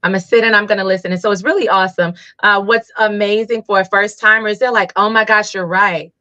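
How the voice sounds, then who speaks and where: An animated woman in casual interview talk, her voice bright and forceful. She tells stories with lively acted-out quotes. The recording sounds slightly dull and lo-fi. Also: mid-range voice, quick pace. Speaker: Reiki healer guest.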